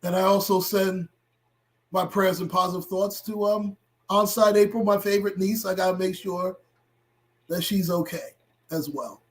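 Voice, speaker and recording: High-voiced impassioned man hosting a livestream. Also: fairly even intonation, normal speed. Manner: impassioned, blunt and profane, rising to shouts. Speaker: livestream host. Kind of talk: livestream commentary to chat.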